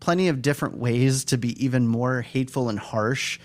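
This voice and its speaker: A man's voice: medium pitch, normal speed. A man who does stand-up comedy, talking in an earnest, reflective way in a casual studio podcast chat.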